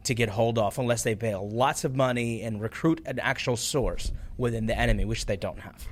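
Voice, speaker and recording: A man's voice: medium pitch, a little fast. A man from Iraq, a podcast guest explaining things in an earnest, casual way. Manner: earnest, explanatory, laughs easily. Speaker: guest, former intelligence worker. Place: podcast studio.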